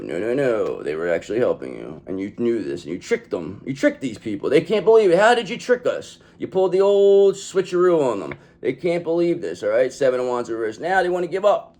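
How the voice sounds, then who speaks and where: Man, tarot reader, tough-guy street talk, fairly high voice, very lively pitch. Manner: animated, streetwise gangster-style talk with repeated "okay?"; acts out pleading enemies in a high voice. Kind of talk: tarot reading monologue.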